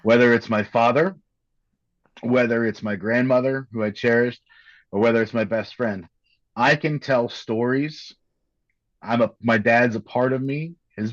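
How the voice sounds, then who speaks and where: A man talking candidly as a podcast guest, earnest and halting, often repeating words. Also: medium pitch, no room sound, lo-fi sound. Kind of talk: candid conversation.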